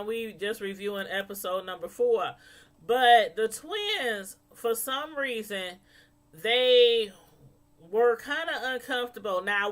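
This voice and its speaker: A woman reviews a reality TV episode in a casual, gossipy way, telling the story with lots of animation. Her voice sits a little on the high side. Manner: animated, gossipy, laughing asides.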